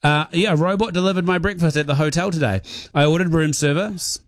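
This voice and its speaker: A man's voice: fairly high pitch, a little fast, no echo. A young adult man, hosting a radio show and telling stories with dry, self-mocking humour in casual banter. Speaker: radio host.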